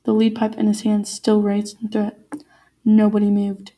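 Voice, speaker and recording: A woman reading a novel aloud chapter by chapter, in an even, unhurried manner. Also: mid-range voice. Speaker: reader.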